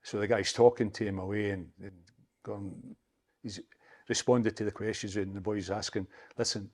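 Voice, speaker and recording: A Scottish man in his seventies telling a story as an interview guest, halting and repeating words as he chats. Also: lowish voice, steady tone, darkish tone. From Scotland. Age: 70s. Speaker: interview guest, former footballer. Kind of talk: anecdotal storytelling.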